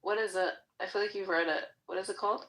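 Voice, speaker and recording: A woman's voice: medium pitch, fairly even intonation, fast, a bit bright, low-quality recording. A chatty woman in a casual conversation who giggles often and fills her talk with "like.". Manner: chatty, giggly, with many "like" fillers. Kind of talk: casual chat.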